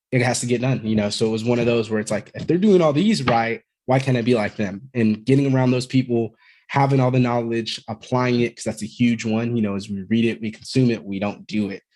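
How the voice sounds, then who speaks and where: A man's voice: mid-range voice, a little mellow. A man in his thirties, a podcast guest who talks candidly and at length, rambling a bit and swearing freely. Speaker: podcast guest, Marine veteran. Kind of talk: casual conversational storytelling.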